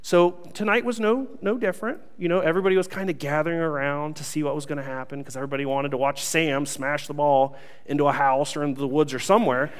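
A young male pastor with a somewhat high voice tells a self-mocking story to his congregation. His delivery is lively and playful. The sound carries a long reverb from a large hall. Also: fast, clear, resonant tone. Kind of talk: sermon with humorous story.

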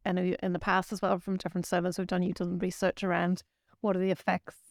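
A woman co-hosting a faith study series, speaking in a measured way and prompting her co-host with questions. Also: fairly low pitch, completely flat delivery, creaky, no echo, clean studio sound. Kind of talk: casual faith discussion.

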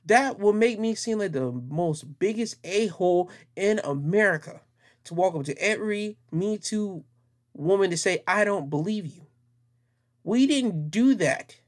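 A man's voice: high voice, lively intonation, measured pace. A man giving opinion commentary in a vlog, talking in an emphatic, plainspoken and repetitive way.

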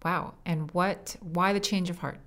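A woman's voice: fairly low pitch, steady tone, unhurried, a bit bright. A woman hosting an interview, asking brief follow-up questions. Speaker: host.

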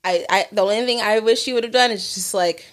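A woman in her twenties co-hosting a podcast, teasing her friend in casual chat with quick remarks and laughs. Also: mid-range voice. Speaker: podcast co-host.

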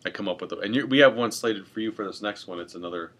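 A man's voice: on the low side, fast talker, a bit bright. A man co-hosting a podcast in casual chat, rambling and joking, correcting himself as he goes. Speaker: podcast co-host.

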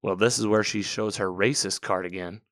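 A man's voice: fairly low pitch, steady tone, moderate pace, fairly bright tone, no echo, clean studio sound. A man casually recapping a TV episode, talking in a rambling way, correcting himself and quoting the characters as he goes.

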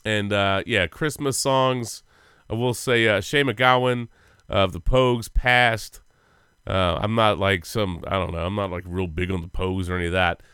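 A man co-hosting a sports podcast, chatting casually in a profane, rambling, animated way. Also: lowish voice, normal speed, smooth, no room sound, studio quality. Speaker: podcast co-host.

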